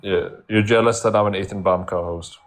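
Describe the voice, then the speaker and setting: A man's voice: low voice, steady tone, fairly quick. A male caller in call-in banter, stumbling and repeating himself through a put-on American accent. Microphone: phone line.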